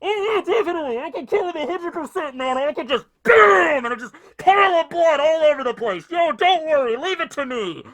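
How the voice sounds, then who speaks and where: A man voicing an overeager teenage boy hero who cheerfully brags about killing, loud and shouting. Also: extremely high pitch, animated, fairly quick, hardly any pauses, voice pushed up. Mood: gleeful. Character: overeager teen boy hero, gleefully bloodthirsty.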